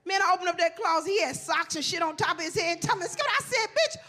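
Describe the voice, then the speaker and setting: Forties woman comic on a stage; profane, animated storyteller with a bright, forceful voice. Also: very high voice, fast talker, faint music behind. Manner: profane, animated, talks straight to the audience. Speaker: stand-up comedian. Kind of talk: stand-up comedy storytelling.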